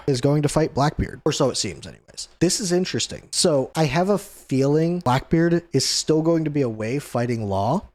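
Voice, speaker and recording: A man's voice: mid-range voice, a little mellow. Rambling, chuckling man reviewing a comic. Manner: rambling, chuckles often, acts out the characters. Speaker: host of a manga review channel. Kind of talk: casual chapter review chat.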